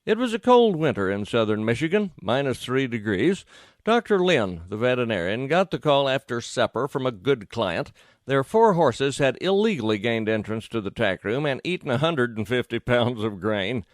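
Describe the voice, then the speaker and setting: A man's voice: mid-range voice, sing-song, moderate pace, no echo, studio quality. A man telling a humorous scripted story with vivid, dramatic delivery.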